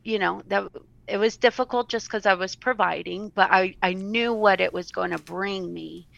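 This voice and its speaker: Earnest woman with a gravelly, bright voice. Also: medium pitch, no room sound, highs cut off. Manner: earnest, tearful at times, quick laughs. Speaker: guest. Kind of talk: emotional personal story in an interview.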